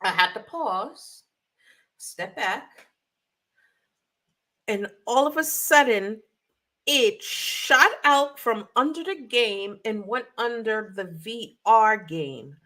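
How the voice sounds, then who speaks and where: A woman co-hosting a chatty podcast, with a bright, ringing voice that swoops up and down. She takes her time and tells her stories with playful sound effects. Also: a little high, animated, slow pace. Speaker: podcast co-host. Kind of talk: casual chat.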